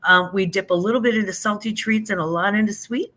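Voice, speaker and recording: Bright cheerful woman guest. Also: medium pitch, steady tone, fast. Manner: cheerful, laughs easily. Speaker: guest, online reseller. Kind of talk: casual live stream chat.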